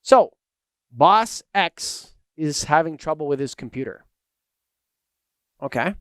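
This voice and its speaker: A man co-hosting a podcast in casual chat, telling anecdotes in an animated way. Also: on the high side, takes it slowly, no echo. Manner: animated storyteller, acts out anecdotes. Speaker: podcast co-host.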